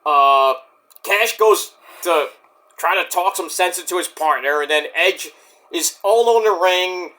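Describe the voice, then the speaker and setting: A man's voice: high voice, unhurried, sharp tone. A man reviewing a wrestling show in casual chat, rambling, sarcastic and profane.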